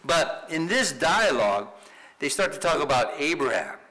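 Guy preaching a bible study, bright punchy voice, keeps going "right?" and asking questions. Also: on the high side, very animated, moderate pace, rough recording. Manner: emphatic, rhetorical questions with frequent "right?" tags. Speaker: pastor teaching a Bible study. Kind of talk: sermon-style Bible teaching.

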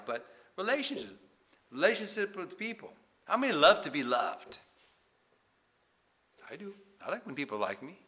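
A man preaching a sermon, asking the congregation many questions and swinging between loud emphasis and hushed passages. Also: a little high. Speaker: pastor.

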